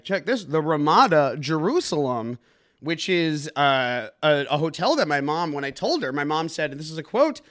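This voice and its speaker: High bright-voiced comedian host. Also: male voice. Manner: energetic, sarcastic, mock-announcer delivery. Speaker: comedy news show host. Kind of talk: comedic news podcast, quick riffing.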